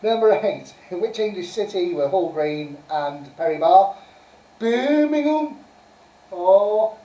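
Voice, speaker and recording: A woman's voice: fairly low pitch, measured pace, dark tone. Chatty woman hosting a live quiz, roomy and distant. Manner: chatty, giggly, reads answers and scores aloud. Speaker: quiz host. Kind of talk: casual live-stream pub quiz. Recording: roomy sound from a distant mic.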